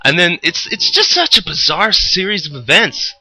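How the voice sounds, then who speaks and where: Profane rambling man with a bright voice. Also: sits high, normal speed, breathy edge, faint music behind, poor audio. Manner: rambling, profane, animated retelling. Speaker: roofer telling a story. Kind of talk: casual storytelling.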